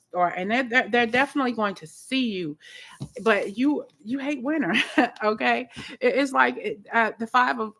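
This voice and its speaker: A woman's voice: lowish voice, pushed and bright. A woman giving a live tarot reading, talking in a chatty, rambling way and often repeating her words. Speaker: tarot reader.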